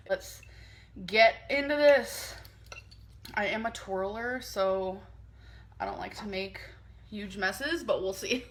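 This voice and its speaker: A woman vlogger with a stuffy nose speaks slowly at a medium pitch, pausing often. During a casual mukbang she rambles chattily, chewing between remarks and breathing a little heavily.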